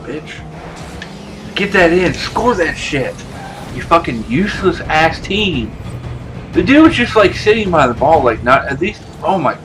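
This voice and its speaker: A man commentating his own gameplay casually, ranting and swearing at his teammates, his voice jumping up into yells. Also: on the high side, animated, a little slow, faint music behind. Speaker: gameplay streamer.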